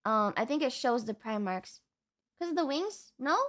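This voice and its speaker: A woman streamer chatting casually as she reacts, excitable and swearing freely. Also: high-pitched, moderate pace.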